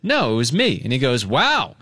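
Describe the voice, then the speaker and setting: Lively male radio host. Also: mid-range voice, brisk, no room sound, studio quality. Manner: laughs easily, animated storytelling. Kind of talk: casual morning show banter.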